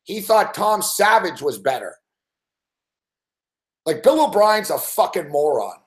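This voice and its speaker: A man's voice: sits high, sing-song, unhurried. Guy on a live betting stream, swears constantly, exasperated, voice leaps all over the place. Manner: profane, exasperated ranting. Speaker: sports betting analyst.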